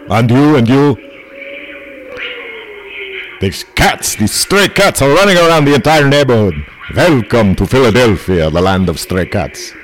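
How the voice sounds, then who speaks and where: Man doing a theatrical vampire count, hammy, booming, playful, deep voice. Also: slight background noise. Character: theatrical male vampire count welcoming guests to his castle.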